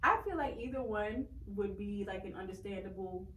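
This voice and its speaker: A woman's voice: medium pitch, animated, normal speed, a bit bright, recorded from a distance. A woman hosting a casual interview, playful and upbeat, asking light questions and laughing often. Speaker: interviewer host. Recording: roomy echo, away from the mic, faint hiss.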